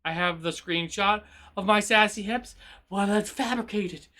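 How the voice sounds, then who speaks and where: A high, bright-toned man streams a game and answers his chat with playful mock outrage. He talks slowly and stammers through repeated words as he protests. The delivery is loose and chatty. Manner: stammering repetitions. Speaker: VTuber streamer. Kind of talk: live gaming stream chat.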